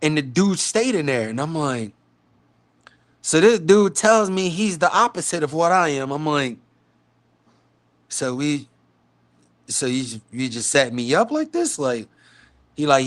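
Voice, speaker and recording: Animated man from the South Bronx. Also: fairly high pitch, a little slow, long pauses. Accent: New York. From South Bronx, New York. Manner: animated, acts out quoted street talk. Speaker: live stream host. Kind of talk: casual storytelling chat.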